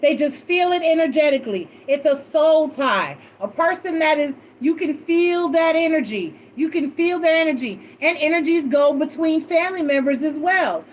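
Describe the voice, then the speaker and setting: A woman tarot reader telling a personal story in casual chat, animated and emotional, swearing freely. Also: sits high, moderate pace, few pauses.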